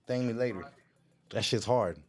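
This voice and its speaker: A man hosting a live talk show, chatting in an excited, slangy way with plenty of swearing. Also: lowish voice, normal speed. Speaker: podcast host. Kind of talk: casual live show chat.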